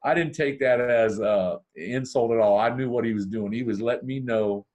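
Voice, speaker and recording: A man's voice: moderate pace, dull audio. A man from Ohio, a podcast guest telling a long personal story in a casual way, acting out the dialogue with big swings in his voice. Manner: animated, acts out dialogue with big pitch swings.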